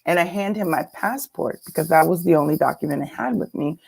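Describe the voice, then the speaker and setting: An earnest woman with a slightly low voice, speaking as a guest about her own experiences. She talks in a reflective, thoughtful way, now and then breaking into laughter. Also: a little fast, creaky, a little mellow, slightly rough. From California, United States. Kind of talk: personal storytelling talk.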